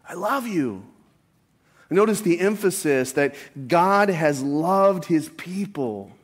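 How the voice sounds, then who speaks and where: Man pastor, mid-pitched voice, preaching with deliberate slowed repetition of key points. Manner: slows down and repeats key lines for emphasis. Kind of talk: sermon.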